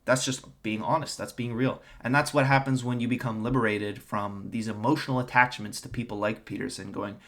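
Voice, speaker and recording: A man's voice: mid-range voice, fairly even intonation, fairly quick, few pauses, fairly bright tone. Young man ranting sarcastically. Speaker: online commentator. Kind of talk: opinion monologue to camera.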